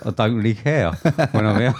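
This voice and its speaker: Chatty guy on a podcast, mellow voice, swoops up and down a lot, laughs easy. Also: fairly low pitch, animated, moderate pace, a little hiss or hum. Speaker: podcast co-host. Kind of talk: casual chat.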